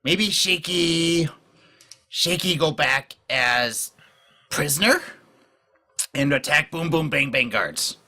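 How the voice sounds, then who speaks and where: A man voicing a nervous male goblin who talks in halting broken speech. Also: fairly high pitch, sharp tone, voice pushed up, exaggerated voice. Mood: scheming.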